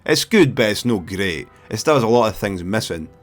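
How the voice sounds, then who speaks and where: A man's voice: lowish voice, animated, a little fast, background noise. Sweary, sardonic Scottish man. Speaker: film reviewer. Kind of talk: opinionated video commentary.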